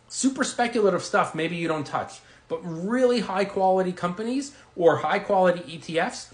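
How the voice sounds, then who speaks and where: An energetic man talks investing straight to camera in a fairly high, reassuring voice. He acts out quick quoted reactions along the way. The room around him rings with noticeable echo. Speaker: investing video creator. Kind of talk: direct-to-camera finance talk. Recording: roomy echo.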